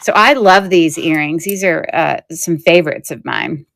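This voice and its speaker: A woman's voice: low-pitched, animated, normal speed, creaky, a bit bright, slight background noise. Chatty, giggly woman host. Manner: chatty and giggly, with frequent fillers. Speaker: online shop host selling jewelry on a live stream. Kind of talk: casual live-stream selling chat.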